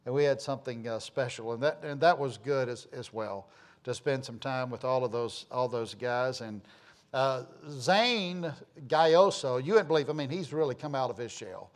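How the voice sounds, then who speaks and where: A man's voice: mid-range voice, expressive, normal speed. A man pastor telling folksy stories and announcements in church, rambling with many fillers and restarts. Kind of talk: informal sermon announcements and storytelling.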